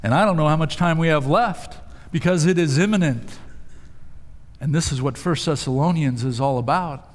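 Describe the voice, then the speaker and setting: A man's voice: fairly high pitch, moderate pace. A male pastor preaching a sermon, telling stories with emphatic rises in his voice. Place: church sanctuary. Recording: long hall reverb.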